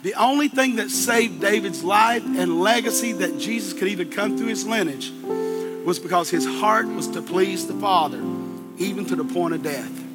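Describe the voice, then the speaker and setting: A man's voice: high-pitched, moderate pace, loud music behind the voice. A man preaching a sermon, retelling a story in a folksy, colloquial way with plenty of asides.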